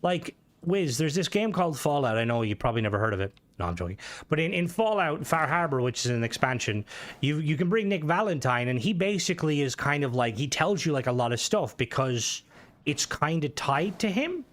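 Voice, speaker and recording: A man's voice: fairly high pitch, sing-song, brisk. A man talks casually while streaming a game, rambling, swearing and restarting his sentences often. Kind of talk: casual gaming stream commentary.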